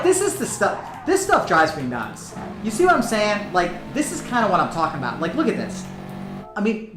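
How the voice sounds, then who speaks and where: A man with a fairly high, somewhat bright voice streams a racing game from a home room with a racing rig, talking straight to chat in casual commentary and leaning heavily on "like" and "you know." The audio sounds roomy, with game music and engine noise underneath.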